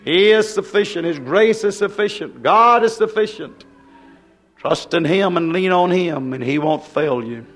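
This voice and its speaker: A man's voice: high voice, a little slow, fairly bright tone. An older man, preaching a fervent, exhorting sermon.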